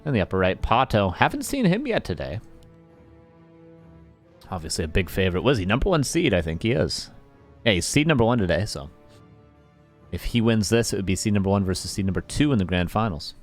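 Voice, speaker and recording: Lively playful male game caster. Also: on the low side, a little fast, long pauses. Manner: playful, chatty, joking asides. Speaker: esports caster. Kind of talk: live game commentary. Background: faint game music.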